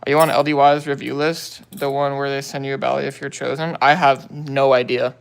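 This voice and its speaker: Greeting viewers and replying to comments in easygoing slang, a young man runs a livestream on his phone. He speaks briskly at a medium pitch, his voice level, gravelly, clear, and resonant.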